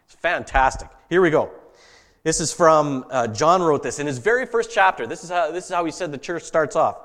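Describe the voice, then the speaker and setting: Male pastor mid-sermon; lively and expressive, chatty delivery that turns soft and earnest. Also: a little high, normal speed, in a large hall. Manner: animated, conversational preaching that drops to soft, earnest tones.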